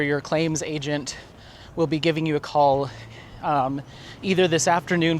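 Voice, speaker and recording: A man vlogging while walking outdoors, retelling a story in a chatty, animated way with laughs. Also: a little high. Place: outdoors on a city street. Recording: faint traffic and street noise.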